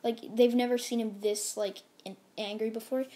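A woman's voice: on the high side, flat delivery, moderate pace, warm tone. A woman casually narrating a fan-made story, rambling and full of fillers.

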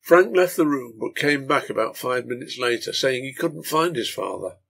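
A man reading a novel aloud in a steady storytelling manner. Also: mid-range voice, normal speed, creaky, husky. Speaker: reader of a translated serial novel.

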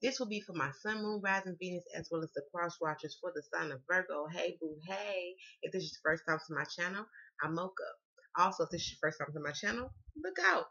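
A woman's voice: fairly low pitch, fast, sharp tone, husky, dull audio. A woman from the American South with a Southern accent, reading tarot in a chatty, slangy way and swearing freely. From Southern United States. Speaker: tarot card reader. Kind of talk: casual tarot reading to camera.

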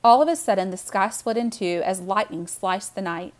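A woman reading a children's novel aloud with warm, expressive storytelling. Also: medium pitch, normal speed. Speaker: audiobook reader.

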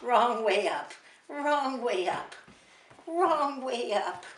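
Woman cooing at her pup, kinda high voice, echoey room w/ noise. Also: expressive, extremely slow. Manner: sing-song praise and short commands to a dog. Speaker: dog trainer. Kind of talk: training a puppy with cues and praise.

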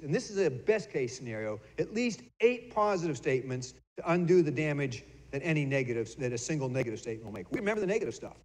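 Middle-aged guy preaching, kinda high voice, chatty and repeats himself, big churchy reverb. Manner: conversational, repeats words, acts out dialogue. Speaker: pastor. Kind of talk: sermon. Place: church sanctuary.

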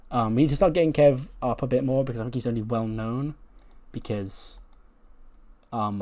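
A man's voice: lowish voice, a little mellow. A man casually narrating his wrestling simulation playthrough, chatty, laughing at his own jokes and swearing now and then. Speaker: gaming commentator. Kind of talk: casual play-by-play of a wrestling sim game.

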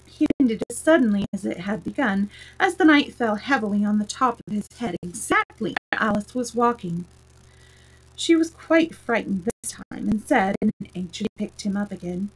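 A woman narrating a children's storybook aloud in a gentle, steady manner. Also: medium pitch, moderate pace, slightly rough, rough recording.

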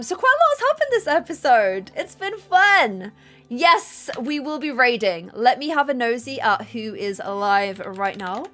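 Young woman, high bright chatter, casual streamer reading chat over soft game music. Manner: chatty, bubbly, reads chat aloud. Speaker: gaming streamer. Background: faint game music.

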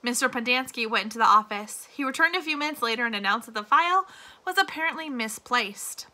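A woman's voice: fairly high pitch, animated, fairly quick, pushed and bright. A woman reading a novel aloud, giving the characters their own voices. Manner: reads dialogue with character voices. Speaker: reader.

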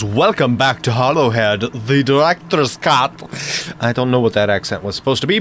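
A man's voice: medium pitch, slight background noise. A man hosting a horror game let's play, talking in a playful way with silly made-up words.

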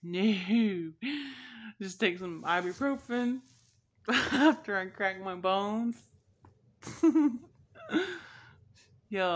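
Profane, laughing young woman vlogger. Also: fairly low pitch. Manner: profane, laughing often, lively storytelling. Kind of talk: casual storytelling vlog.

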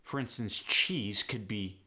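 A man working as an accent coach, briskly explaining pronunciation changes in a matter-of-fact instructional style. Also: on the low side, pushed and bright.

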